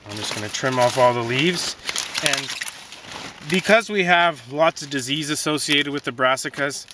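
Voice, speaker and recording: A man giving a relaxed, folksy gardening demonstration outdoors in his vegetable garden, with many fillers. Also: mid-range voice, unhurried. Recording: distant outdoor mic, faint noise.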